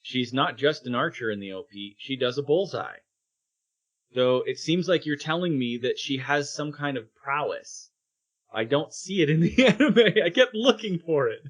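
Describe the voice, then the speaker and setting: A man's voice: on the high side, lively intonation, lo-fi sound. A man co-hosting a podcast, casually chiming in with corrections and laughing along. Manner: quick to laugh, chimes in with clarifications. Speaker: podcast co-host. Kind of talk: casual chat.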